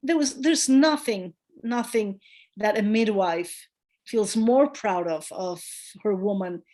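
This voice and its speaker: A woman midwife, a guest in a conversational interview, telling a story with emphasis, acting out quoted voices and pausing on fillers. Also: mid-range voice. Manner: animated storyteller who acts out quoted voices; warm and emphatic, with hesitant fillers.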